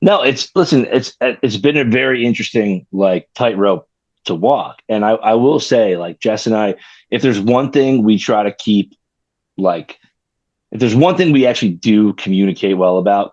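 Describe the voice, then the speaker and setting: A man's voice: on the low side, normal speed, lo-fi sound. A man co-hosting a podcast, chatting casually and animatedly, acting out what his kids say. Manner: animated storyteller, acts out his kids' voices. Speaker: podcast co-host.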